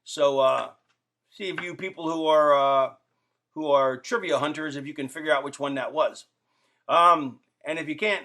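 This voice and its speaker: A man's voice: a little high, moderate pace, pushed and bright. A middle-aged man rambling jokily to his fans in a casual vlog to camera, full of fillers and asides. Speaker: wrestler vlogging to fans. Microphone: camera facing the speaker.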